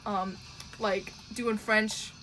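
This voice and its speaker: A young woman from Canada streams from home as she draws, reading chat and talking loosely and profanely, with frequent laughter and ums as she trails off. Her mid-range voice is very slow, bright and forceful with fairly even intonation, over soft background music.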